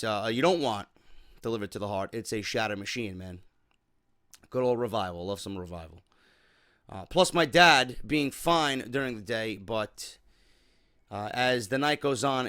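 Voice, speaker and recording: Man, wrestling show host, reads a fan letter, replies in sympathy, casual, filler-heavy, lowish voice. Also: a bit bright, no echo, studio quality. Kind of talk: reading a viewer letter and replying.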